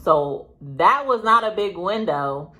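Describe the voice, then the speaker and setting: Young woman talking fast to her viewers, bright and chatty, rambles and jumps around. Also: lowish voice, lively intonation. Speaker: vlogger. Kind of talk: casual storytime vlog. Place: indoors, sitting at home.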